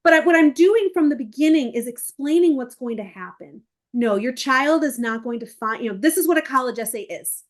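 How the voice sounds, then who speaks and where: A middle-aged woman who coaches essays answers interview questions, animatedly explaining her process and acting out the emails and parents she quotes. Her voice is high-pitched and brisk.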